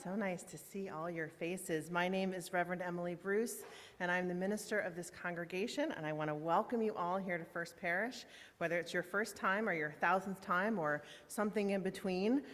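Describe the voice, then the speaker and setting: Woman minister, lowish voice, informal church welcome, long hall reverb. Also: normal speed. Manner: warm, informal, with fillers and slips. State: emotional, holding back tears. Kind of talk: welcome and announcements in a church service. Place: large church meetinghouse.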